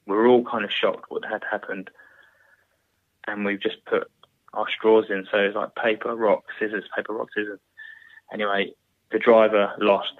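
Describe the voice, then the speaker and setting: Low, flat British man on a tinny line. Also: no echo. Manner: halting, plain-spoken, frequent restarts. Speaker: guest, former soldier. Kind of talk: recounting a war story in an interview. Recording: tinny phone-like line, dry.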